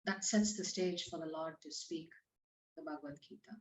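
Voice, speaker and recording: A scripture teacher gives a conversational talk, putting Bible verses into plain everyday language. Her voice is low and moderately paced, with a faint hiss or hum, and the recording sounds roomy and slightly dull.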